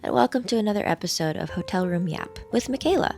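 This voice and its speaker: A woman hosting a casual vlog from a hotel room, her voice hoarse while it recovers, chatting in a playful, rambling, self-mocking way. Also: on the low side, animated, fast, loud music behind the voice. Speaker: vlog host. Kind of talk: casual chat to camera.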